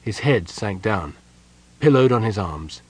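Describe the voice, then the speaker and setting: Low, husky male audiobook narrator. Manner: steady, measured storytelling. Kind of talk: scripted fantasy narration.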